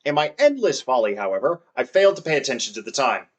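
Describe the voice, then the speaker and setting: A man's voice: medium pitch, very animated, fast. A man narrating his farming game playthrough in a wry, self-deprecating scripted style. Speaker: gameplay narrator.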